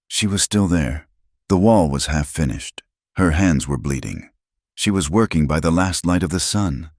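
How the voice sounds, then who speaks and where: Deep-voiced dramatic male storyteller. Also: a little mellow, dry recording, clean studio sound. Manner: dramatic, emphatic. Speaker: narrator.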